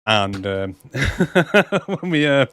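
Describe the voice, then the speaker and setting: A man's voice: medium pitch, sing-song, very slow, a bit bright, clean tone. A man co-hosting a film podcast in casual chat, laughing often and swearing. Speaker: podcast co-host.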